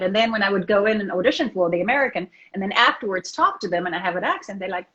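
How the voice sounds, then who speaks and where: A woman from South Africa, a guest actress, talking fast in a casual interview, often restarting her sentences. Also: mid-range voice, fairly bright tone. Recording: muffled lo-fi audio.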